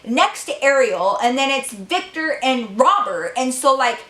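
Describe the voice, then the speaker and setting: A woman in her twenties telling a storytime vlog, profane and animated, talking straight to her viewers. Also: sits high, measured pace. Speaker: vlogger. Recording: echoey room.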